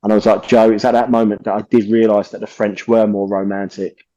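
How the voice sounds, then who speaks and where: A man's voice: fairly low pitch, little pitch movement, fairly quick, warm tone, no echo, highs cut off. A man, a podcast guest telling stories casually, animatedly acting out quotes and swearing freely.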